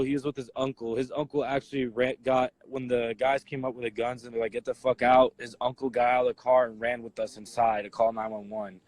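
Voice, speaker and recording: A man recounting events to viewers in casual live-stream talk, halting and loose, full of "like" and "you know", subdued and somber. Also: mid-range voice, darkish tone, no room sound, low-quality recording. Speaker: eyewitness answering viewer questions.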